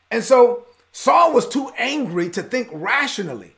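A man preaching a sermon as pastor, retelling a scripture story with animated storytelling. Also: extremely high pitch, unhurried. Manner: animated storytelling, acts out the characters.

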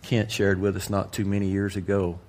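A man preaching to a congregation in a candid, folksy way, dropping to a hush and then rising to loud emphasis. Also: low voice, little pitch movement, normal speed. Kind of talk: sermon.

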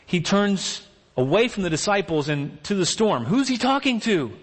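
A man preaching a sermon, telling Bible stories with animated, acted-out character voices. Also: high-pitched, moderate pace, long reverb tail.

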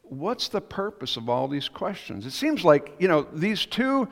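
A man's voice: on the high side, very animated, measured pace, gravelly. A man preaching a sermon as pastor, telling a story in a conversational, musing way. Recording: long reverb of a church hall.

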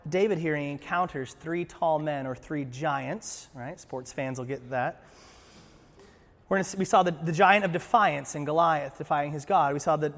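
A man preaching a sermon in church, animated and acting out scripture scenes with voices. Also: a little high, in a large hall. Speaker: pastor.

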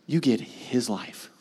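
A pastor in his thirties preaching a sermon in a casual, animated way, full of slang and acted-out asides. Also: medium pitch, breathy edge.

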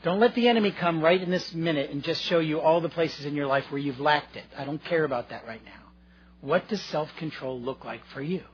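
Male pastor, sermon, earnest and conversational, very husky voice, dull lo-fi recording. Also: a little high, a little fast. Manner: conversational, earnest, addresses the audience directly.

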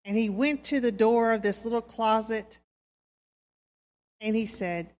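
A woman preacher giving a sermon, telling a story in a slow, soft, dramatic way. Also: fairly high pitch, fairly even intonation. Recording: reverberant hall.

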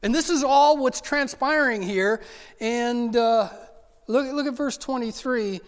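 A middle-aged man pastor preaching with a fairly high voice, moving between fervent urging and quiet, halting storytelling. He repeats and restarts phrases as he speaks. His voice rings with a long reverb from a large hall. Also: clean tone. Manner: impassioned preaching with repeated restarts, dropping to a soft personal tone. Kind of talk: sermon.

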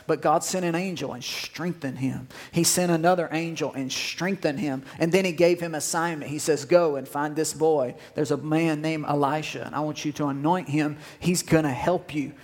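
A man's voice: fairly high pitch, darkish tone. A male pastor preaching a sermon, repeating phrases and asking the congregation questions. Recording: long hall reverb.

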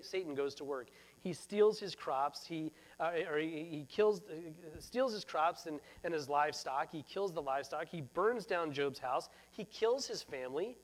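A man preaching a sermon as pastor, earnest and repeating phrases for emphasis. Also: on the high side.

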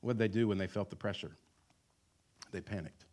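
A man's voice: fairly low pitch, brisk, darkish tone. A middle-aged man preaching a sermon as pastor. He asks the congregation rhetorical questions and slips in joking asides about married life.

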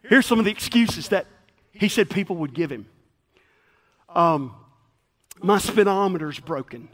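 A male pastor preaching a sermon in a folksy, animated storytelling style. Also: high-pitched, a little slow. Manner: folksy, animated, acts out quotes.

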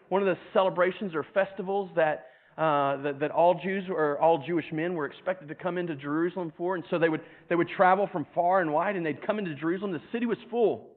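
A man preaching a sermon in an animated way, stumbling over repeated words and acting out other people's voices with humor. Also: sits high. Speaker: pastor. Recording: tinny phone-like sound.

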